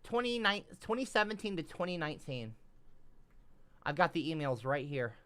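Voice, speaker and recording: A man doing rambling, sarcastic livestream commentary, cursing often, trailing off mid-sentence and swinging between mumbles and loud outbursts. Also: a little high, big pitch swings, moderate pace, clear, resonant tone, no room sound.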